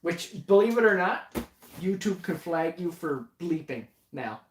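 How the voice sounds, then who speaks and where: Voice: medium pitch, sing-song, measured pace. A livestream co-host chatting casually during an unboxing, joking and laughing often in a rambling way. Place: home basement. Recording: echoey room, distant mic, faint noise.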